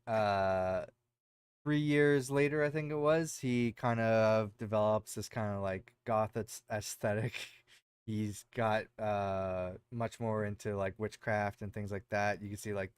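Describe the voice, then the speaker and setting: Podcast co-host, male, rambling recap style with lots of ums, smooth lowish voice. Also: steady tone, unhurried, no echo. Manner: rambling, lots of fillers and self-corrections. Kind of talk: casual chat recapping a show.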